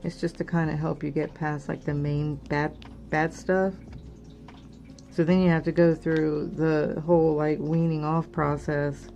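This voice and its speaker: A woman's voice: deep voice, level tone, measured pace, creaky, mellow, a little hiss or hum. A middle-aged woman hosting a crafting channel, chatting casually and candidly with lots of fillers. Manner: candid, rambling, many fillers. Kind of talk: casual personal chat.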